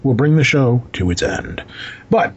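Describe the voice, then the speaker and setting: Lively man, dull noisy recording. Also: medium pitch, unhurried. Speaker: podcast co-host. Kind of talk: casual chat.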